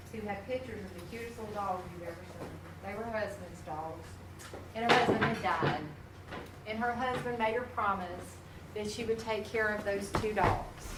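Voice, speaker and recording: A woman teaching a nursing class, folksy and animated, talking straight to her students as she mixes lecture with stories. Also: medium pitch. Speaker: nursing instructor. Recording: echoey classroom recorded from a distance with noise.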